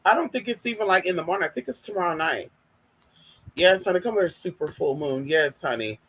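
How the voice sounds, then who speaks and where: A woman's voice: on the low side, expressive, fairly quick, fairly bright tone, breathy edge. A woman from California, sassy, chatting casually to viewers on her live stream and calling everyone honey.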